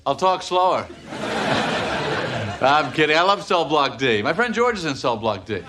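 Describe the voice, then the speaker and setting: A man's voice: on the high side, expressive, heavy background noise, close to an everyday voice. An actor playing a male stand-up comedian who jokes and teases a room of inmates. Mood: joking. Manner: quick jokey banter, teasing the crowd. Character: wisecracking male comedian performing for prison inmates. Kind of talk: stand-up routine.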